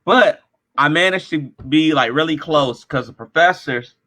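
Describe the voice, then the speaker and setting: A man telling stories as an interview guest, animated and acting out the lines of other people. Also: on the high side, moderate pace. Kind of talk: casual storytelling.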